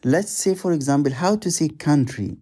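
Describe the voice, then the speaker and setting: A man's voice: fairly high pitch, normal speed, dark tone, slightly rough. A man teaching an online lesson in English, patiently repeating each word and drilling it step by step. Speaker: Arabic teacher. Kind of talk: slow explanatory lesson.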